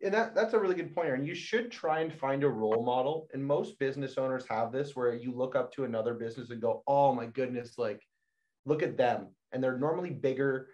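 A man co-hosting a marketing meetup, giving energetic advice and often repeating words as he starts his sentences, over a video call. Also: medium pitch, quick pace, few pauses. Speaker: marketing agency co-host. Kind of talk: casual advice on a livestream. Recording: dull lo-fi video call audio.

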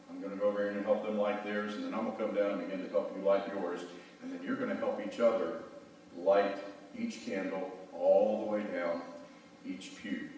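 A man's voice: on the low side, darkish tone. A middle-aged male pastor giving a sermon, telling a folksy story and leading call-and-response prayer. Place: church sanctuary. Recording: echoey hall, voice from far off.

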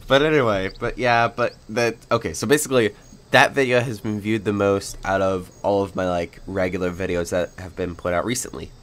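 Casting: young male gaming host, lowish voice, rambling and giggly, loose casual chat. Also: fairly even intonation, fairly quick, fairly bright tone. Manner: rambling, filler-heavy, giggly. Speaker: gaming YouTuber. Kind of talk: casual let's-play chat.

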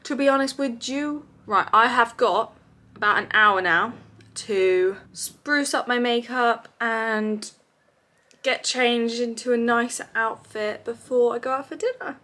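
A woman's voice: on the high side, steady tone, slow, pushed and bright. A young woman chatting to camera in a casual vlog from a hotel room, bubbly and self-deprecating. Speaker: vlogger.

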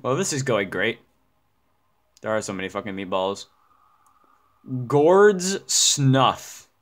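A man giving let's-play gaming commentary, ranting and swearing, often bursting into yells. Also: fairly low pitch, sing-song, slow pace. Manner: profane, ranting, bursts into yelling. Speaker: gamer.

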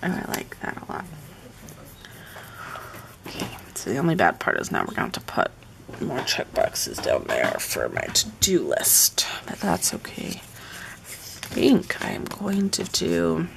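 Gravelly woman murmuring to herself. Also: sits low, huge pitch swings, measured pace, long pauses, noisy background. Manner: chatty, often murmuring half-whispered asides to herself. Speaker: planner decorating vlogger. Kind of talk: casual live-stream craft chat. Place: at home with her pets.

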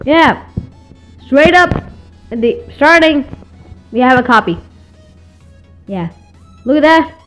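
A woman's voice: high-pitched, animated, takes it slowly, pauses often, fairly bright tone, soft background music, poor audio. A young woman with a put-on accent commenting on gameplay, stammering and exclaiming as she reacts. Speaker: gaming video host.

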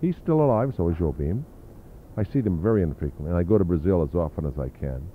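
An older man with a very low voice tells long, rambling stories from his past, stopping often to hunt for names. The sound is thin and tinny like an old phone-line tape with a faint hiss under it. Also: expressive, fast talker. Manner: rambling anecdotal storytelling with fillers. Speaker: interview guest, drummer. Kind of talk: reminiscing interview.

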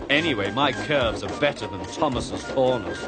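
A man's voice: medium pitch, expressive, normal speed, close to an everyday voice. A man with a British accent voicing a proud, touchy young male engine who grumbles indignantly, over background music.

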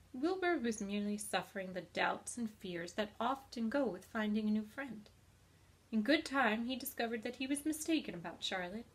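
A woman reads a children's book aloud with expressive, friendly storytelling. Her voice sits fairly high, and she talks gently to young listeners as a teacher. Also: moderate pace, slightly rough.

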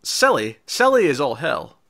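A man in casual review chat, animated and quick to laugh. His voice sounds bright and forward. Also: a little high, creaky. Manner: animated, chatty, laughs often. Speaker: podcast co-host.

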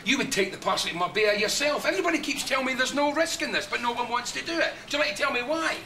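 A man's voice: fairly high pitch, expressive, brisk, a crowd in the background. An actor playing a proud, blunt Scottish man who insists on his terms, speaking defiantly. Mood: angry. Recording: noisy off-mic TV drama sound.

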